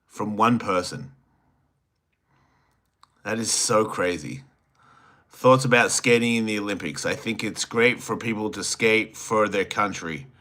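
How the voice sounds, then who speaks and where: An Australian man with a lowish, slightly bright voice hosts a solo livestream. He reads questions from chat and answers them in a crude, teasing, rambling manner.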